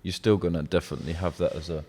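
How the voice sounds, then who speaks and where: A man, a podcast guest chatting casually, quick to agree and chip in. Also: low-pitched, flat delivery, darkish tone, husky. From England. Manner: quick affirmations, backchannels and laughs. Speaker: podcast guest, digital marketing founder. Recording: long hall reverb.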